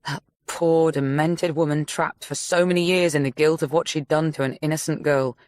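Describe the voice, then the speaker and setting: A woman narrating a story audiobook in a measured, steady reading voice. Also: deep voice, no echo, studio quality. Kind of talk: scripted narration.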